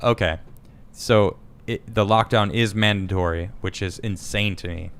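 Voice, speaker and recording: A man hosting a casual podcast stream, reading viewer comments aloud and reacting with quick asides. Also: fairly low pitch, steady tone, a bit bright, smooth. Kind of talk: casual live-stream chat.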